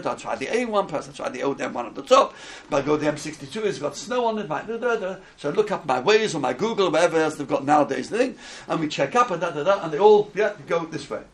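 A man's voice: fairly high pitch, expressive, quick pace, poor audio. A man giving a conversational sermon-style lecture, acting out little voices and asides. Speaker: religious teacher.

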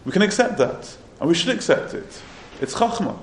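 A man's voice: high voice, very animated, normal speed, slight background noise. Man telling a Torah lesson story. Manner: earnest storytelling with restarts. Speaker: Torah teacher. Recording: roomy echo, faint ambience.

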